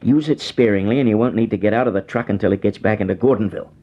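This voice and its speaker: An actor playing a cold, scheming criminal mastermind who gives curt, bossy orders, in vintage radio drama style. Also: male voice, fairly low pitch, racing, dull audio, natural voice.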